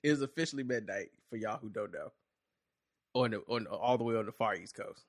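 A man's voice: on the low side, fairly quick, dry recording, clean studio sound. A man hosting a casual podcast, laughing often and talking in loose slang while he reads a story aloud. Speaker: podcast host.

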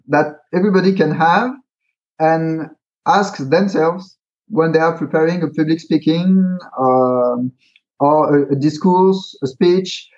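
The card game creator, a guest in a casual interview about his pitching game, has a fairly high, slightly mellow voice. He stumbles with fillers and restarts, leans on examples to explain, and the recording is dull and lo-fi.

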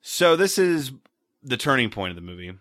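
Male podcast co-host, young, wry and profane, bright tone with a dry close-mic sound. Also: medium pitch, big pitch swings, normal speed, no echo. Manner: profane, laid-back, wry. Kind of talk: casual movie recap chat.

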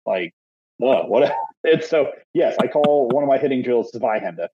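A man's voice: mid-range voice, expressive, unhurried, warm tone, breathy edge, no room sound, lo-fi sound. A man co-hosting a casual podcast, a baseball coach telling jokey stories about his drills. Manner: joking storyteller. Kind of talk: casual chat.

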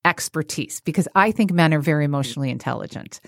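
A woman's voice: low voice, fast talker, dry recording, clean studio sound. A woman relationship expert telling stories in casual talk-show chat, acting out the people she quotes. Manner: animated storyteller, acts out quotes.

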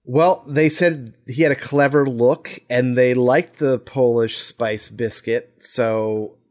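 A man's voice: mid-range voice, steady tone, slow pace. Wry casual man trailing off. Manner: wry, self-deprecating, trails off quietly. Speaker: podcast co-host. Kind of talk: casual chat.

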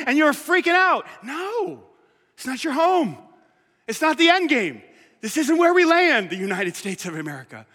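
A pastor delivers a casual, conversational sermon in a church, his voice very high and bright. He swings from loud urging to hushed asides. A long reverb trails every phrase. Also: sing-song, moderate pace.

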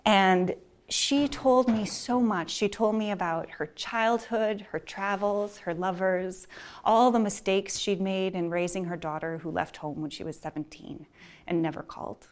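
A woman's voice: mid-range voice, a little slow. A woman physician telling a personal story on stage, casual and chatty, with many fillers and frequent laughs.

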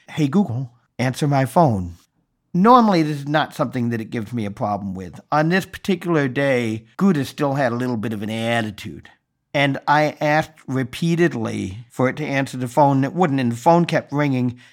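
A man hosting a podcast, telling a story in a wry, self-deprecating way. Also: medium pitch. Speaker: podcast host. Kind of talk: storytelling monologue.

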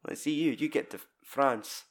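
A man's voice: mid-range voice, normal speed. A man with a Scottish accent, chatting casually about a film as a podcast co-host, swearing freely and acting out scenes. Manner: sweary, animated, acts out film scenes in shouted voices.

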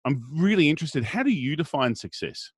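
A man's voice: on the high side, sing-song, a little fast, slightly rough, no room sound, clean studio sound. A man hosting a podcast, chatty, upbeat and jokey as he introduces and questions his guest. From Australia. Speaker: podcast host. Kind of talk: casual interview hosting.

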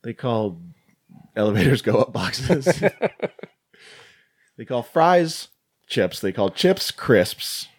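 A man's voice: medium pitch, slow pace, long pauses, breathy edge. A man co-hosting a podcast, casually recounting film scenes with quoted lines, laughing often and swearing. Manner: animated, swearing. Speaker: podcast co-host. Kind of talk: casual chat reviewing a film.

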